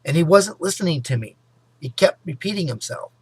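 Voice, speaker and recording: A man with a gravelly, creaky voice talks casually to his viewers, rambling through a personal story. He keeps looping back with "anyway" and "you know" and sometimes speeds up and gets loud. The sound is close and dry, with no room echo. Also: a little high, expressive. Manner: talks fast and loud at times. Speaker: vlogger.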